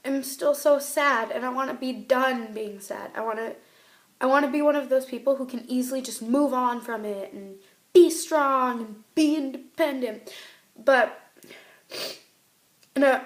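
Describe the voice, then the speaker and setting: A woman's voice: sits high, a little slow, reverberant. A teenage girl vlogging tearfully about a breakup, rambling and emotional, with her voice rising and breaking. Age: teens. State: tearful, crying. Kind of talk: tearful personal vlog.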